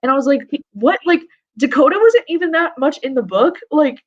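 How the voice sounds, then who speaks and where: A woman's voice: sits high, lively intonation, brisk. A young woman guesting on a casual book discussion, loose and profane with lots of "like" fillers. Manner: casual, swears often, many "like" fillers. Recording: slightly dull lo-fi audio.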